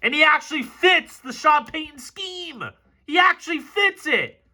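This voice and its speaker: Male film analyst, high bright voice, hot-headed and profane, breaking down game tape. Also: a little slow. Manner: excitable, profane, gets fired up.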